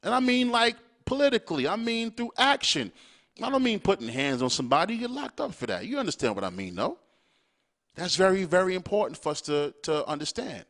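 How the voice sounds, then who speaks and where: A man's voice: sits high, sing-song, a little fast, a bit bright. A man hosting a podcast, ranting bluntly and profanely, hammering his points home with repeated check-ins to the listener. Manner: emphatic, hammering points with "all right?". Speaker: podcast host. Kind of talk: opinionated monologue.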